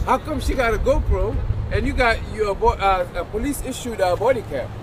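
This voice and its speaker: A man's voice: high-pitched, a little fast, a crowd in the background, low-quality recording. A man sitting in his parked car outdoors, defiantly arguing with an officer, recorded on a phone video. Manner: defiant, argumentative, confrontational. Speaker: rideshare driver filmed in a confrontation. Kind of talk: heated argument filmed on a phone.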